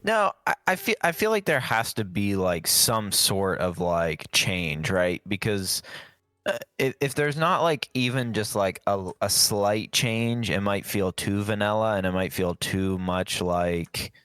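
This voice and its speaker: A man's voice: on the low side, animated, unhurried, fairly bright tone, smooth, no room sound, clean studio sound. A man co-hosting a casual gaming podcast, hesitant and trailing off. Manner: hesitant, trails off, lots of fillers. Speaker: podcast co-host.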